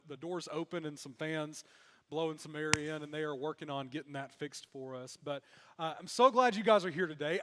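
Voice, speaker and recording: High-voiced pastor with humorous storytelling. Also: male voice, fairly bright tone. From Mississippi. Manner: storytelling with self-deprecating humor. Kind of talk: sermon. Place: church sanctuary. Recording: long hall reverb.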